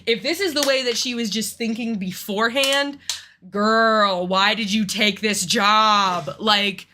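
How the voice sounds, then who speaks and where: A woman's voice: mid-range voice, steady tone, unhurried, bright, forceful tone, slight background noise. A woman who works as a teacher, talking frankly and emphatically in a casual reaction chat, with many restarts.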